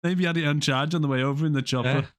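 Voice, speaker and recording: A man co-hosting a podcast, chatting in giggly, sweary, animated banter about a film. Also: a little high, racing. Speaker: podcast co-host. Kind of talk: casual banter reviewing a film.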